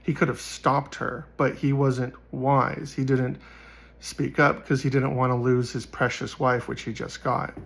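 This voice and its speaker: Quick, rambling raspy man teaching the Bible. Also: medium pitch, level tone, fairly bright tone. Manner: quick, rambling, many fillers. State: hoarse from sickness.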